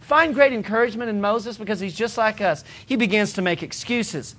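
High, bright-voiced male preacher. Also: fairly quick. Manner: conversational, humorous, emphatic repetition. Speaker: pastor. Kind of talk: sermon.

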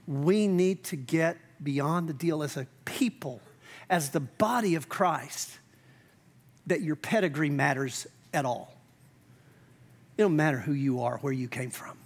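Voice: medium pitch, measured pace. A pastor preaching a sermon in a conversational, emphatic way, acting out quoted lines.

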